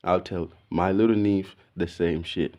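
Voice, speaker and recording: Aussie guy in his 30s, kinda low voice, rambling story full of slang and "bro". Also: a little slow, muffled recording. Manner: slangy, animated, says "bro" constantly. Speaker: video podcast host. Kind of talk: casual storytelling rant.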